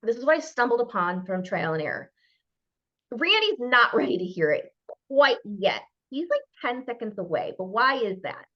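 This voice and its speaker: A woman with a Minnesota accent speaks high and with a swooping, lively melody. She is a guest speaker on a video call who plays out short exchanges with a playful touch. The call audio sounds dull and muffled. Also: normal speed. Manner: lively, playful, acts out little dialogues. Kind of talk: animated presentation on a video call.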